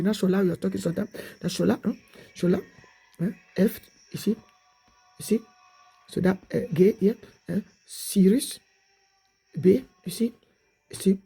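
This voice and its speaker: A preacher with a gravelly, husky voice delivers a rambling exhortation. The tone is mellow, and faint music plays underneath as the speaker keeps prodding with "you see" and drags out long lists of names. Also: medium pitch. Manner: slow, drawn-out listing of names.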